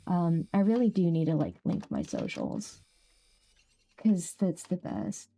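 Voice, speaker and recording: A young woman streaming a game, chatting casually with viewers, laughing easily and jumping up high when something amuses her. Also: huge pitch swings, unhurried, vocal fry, dark tone. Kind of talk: casual live-stream chat.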